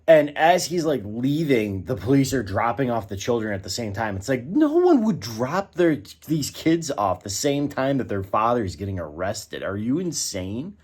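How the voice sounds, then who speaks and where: A man's voice: medium pitch, big pitch swings, normal speed, hardly any pauses, darkish tone, breathy edge. A man giving a casual spoken film review, ranting in exasperation and often restarting and using fillers. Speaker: movie reviewer.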